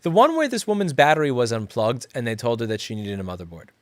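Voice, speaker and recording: A man's voice: medium pitch, very animated, quick pace, no echo, clean studio sound. A man who owns a repair shop, hosting a casual livestream Q&A and answering viewers in a blunt, rambling, profane way. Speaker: repair shop owner and channel host.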